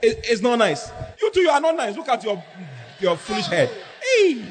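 A man putting on an indignant wife who shouts and scolds her husband during a sermon. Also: very high voice, huge pitch swings, extremely slow, full character voice. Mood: indignant shouting. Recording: echoey hall, faint background noise.

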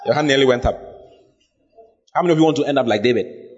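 A man's voice: medium pitch, quick pace, husky. A man preaching a sermon, emphatic and full of questions to his congregation. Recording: dull lo-fi sound.

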